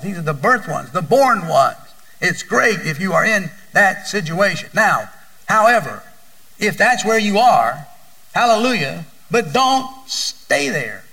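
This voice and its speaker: An older man preaches to his congregation in a bright, gravelly voice, slightly high for a man. He tells folksy stories and keeps repeating his words as he goes. He sounds a little distant from the mic in the church. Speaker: pastor. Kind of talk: sermon.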